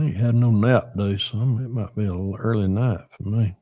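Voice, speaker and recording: A man's voice: lowish voice, steady tone, a little fast, dry recording, phone-quality sound. A middle-aged man from Northwestern Georgia with a Southern accent, hosting a casual livestream while he builds a model car and answers chat in a folksy drawl.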